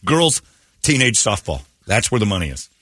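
Animated man in his fifties. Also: lowish voice, normal speed, slightly rough. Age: 50s. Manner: animated, laughing, sarcastic storytelling. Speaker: radio show host. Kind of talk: morning radio banter.

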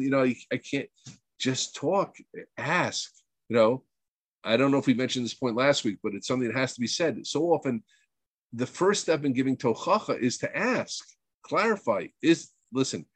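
A man's voice: medium pitch, no echo. A man teaching a weekly group session in an earnest, emphatic way, rambling with restarts and using Hebrew terms. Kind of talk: informal spiritual talk.

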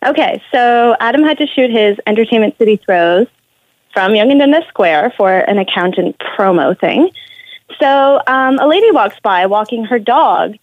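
A woman's voice: on the high side, lively intonation, normal speed, dry recording. A woman, a producer on a phone call, telling an anecdote in an amused way. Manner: amused storyteller.

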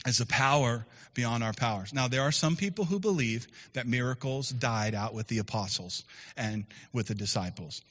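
A middle-aged man preaching a sermon to a church, telling stories in a lively, conversational way. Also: medium pitch. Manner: storytelling, lively and conversational with laughs and sudden shouts. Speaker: pastor. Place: church service room.

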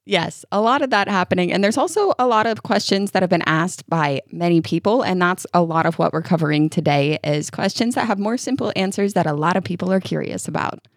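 A woman's voice: lowish voice, brisk, hardly any pauses, no echo, clean studio sound. A mother co-hosting a parenting podcast, talking in a thoughtful, personal, conversational way. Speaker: podcast co-host. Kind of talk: casual chat.

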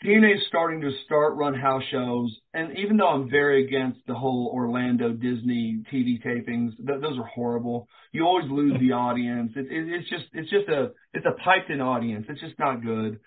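A man's voice: medium pitch, normal speed, few pauses. A man telling wrestling stories in a casual interview, acting out the voices of the people he quotes and swearing casually. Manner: animated storyteller, acts out quoted dialogue, swears casually. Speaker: interview guest, former pro wrestler. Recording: tinny phone-like line.

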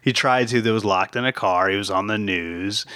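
A male podcast host with a low but sharply bright voice, chatting casually and laughing easily. The sound is very dry, with no room around it. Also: no echo. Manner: easygoing, quick to laugh, filler-heavy.

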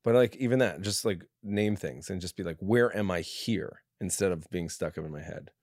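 A man's voice: sits low, fairly quick, a little mellow, dry recording, studio quality. A young man who is a guest on a casual podcast, talking in a laid-back, reflective way.

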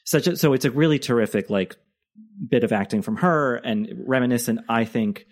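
A man co-hosting a podcast, chatting casually about a TV episode, full of fillers and restarts. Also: mid-range voice. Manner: halting, many fillers and restarts. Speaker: podcast co-host.

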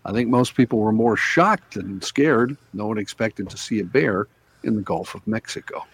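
A man's voice: fairly low pitch, moderate pace, breathy edge, no room sound. A man hosting a casual talk radio show, reading news stories aloud and then chatting about them with his co-hosts. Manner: reads news items then chats loosely.

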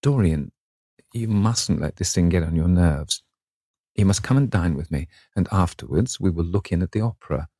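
Male reader doing a suave cynical aristocrat, low dark voice, husky, urbane, audiobook. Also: expressive, normal speed, dry recording, clean studio sound, full character voice. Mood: grave. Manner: urbane, epigrammatic. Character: witty, cynical older aristocratic gentleman.

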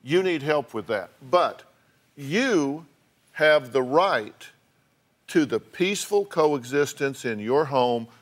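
A man's voice: mid-range voice, lively intonation, slow. A man hosting a talk show, bluntly lecturing his guests and repeating points for emphasis. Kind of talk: confrontational counseling.

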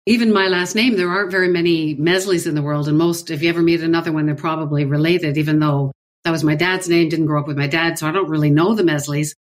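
A woman co-hosting a talk show, asking questions in a lively, amused way. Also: low-pitched, quick pace. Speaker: co-host. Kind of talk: casual interview chat.

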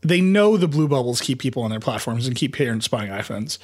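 A man hosting a tech news podcast, talking fast in casual chat, laughing often and restarting his sentences. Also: mid-range voice, expressive, a little mellow. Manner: fast, laughing, thinks aloud with many restarts. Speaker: podcast host.

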